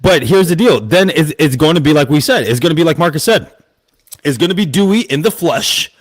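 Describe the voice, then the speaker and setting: A man co-hosting a casual podcast chat, excitable and swearing casually. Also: fairly high pitch, fairly quick. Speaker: podcast co-host. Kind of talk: casual horror movie chat.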